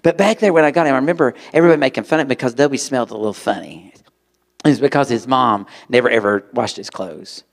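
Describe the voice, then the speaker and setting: A man preaching to a live audience, telling a personal story in an animated way and acting out voices. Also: medium pitch, fast talker. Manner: animated, acts out voices, sudden loud outbursts. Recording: long hall reverb.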